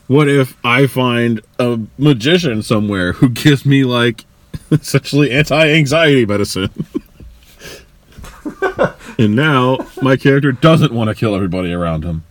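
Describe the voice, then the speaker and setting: A man's voice: mid-range voice, moderate pace, no echo. A man co-hosting a podcast, riffing on jokey ideas and acting out little bits of dialogue. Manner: riffing, jokey, acts out silly voices. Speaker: podcast co-host. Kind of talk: casual chat.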